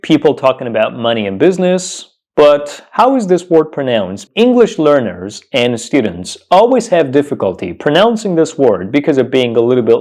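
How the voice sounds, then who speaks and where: A man teaching English pronunciation, saying each word slowly several times and asking the viewer questions. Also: mid-range voice, a little mellow. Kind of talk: pronunciation lesson.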